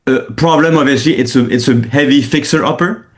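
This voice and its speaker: A mid-pitched man describes his work to a group over a video call. He talks in a halting way, restarting phrases and filling gaps. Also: noisy background. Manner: halting, many restarts and fillers. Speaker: real estate agent.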